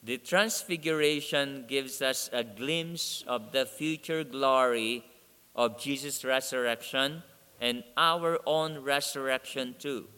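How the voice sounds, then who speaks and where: Slow, deliberate preacher in a reverberant hall. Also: male voice, mid-range voice, bright, forceful tone, clear, resonant tone. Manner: slow, deliberate storytelling delivery. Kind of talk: sermon. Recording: long reverb of a large hall.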